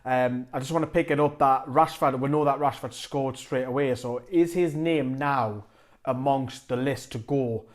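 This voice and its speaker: A man's voice: mid-range voice, moderate pace. A man giving his opinionated, rambling take on a match to camera, often correcting himself mid-sentence. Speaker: football fan vlogger. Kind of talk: casual football commentary to camera.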